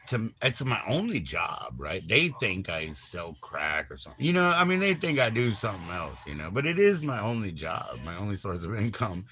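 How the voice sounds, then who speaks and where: A man's voice: fairly low pitch, pushed and bright, slight background noise. A middle-aged man hosting a casual livestream, rambling in slang, jumping between topics and greeting viewers in chat. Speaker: livestream host.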